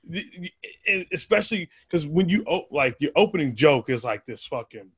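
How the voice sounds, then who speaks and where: A man's voice: a little high, normal speed, slightly rough, no echo. A man, a stand-up comedian, telling stories animatedly with a lot of swearing on a casual podcast. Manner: animated storytelling, heavy swearing, laughs often. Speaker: comedian guest.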